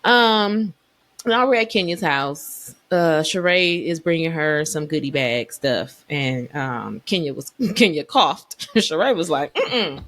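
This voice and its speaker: A woman's voice: low-pitched, slow pace. A woman co-hosting a podcast, chatting casually and with slang about a reality show, often acting out what the cast said. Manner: animated, slangy, acts out quotes. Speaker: podcast co-host. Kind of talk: casual reality TV recap chat.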